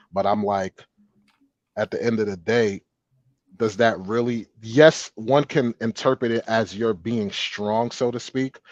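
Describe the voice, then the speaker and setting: A man's voice: fairly low pitch, no room sound, muffled recording. A man on a podcast panel arguing persuasively in casual chat and checking that he is understood. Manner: persuasive, asks "you feel me?". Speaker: panel guest. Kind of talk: casual group discussion.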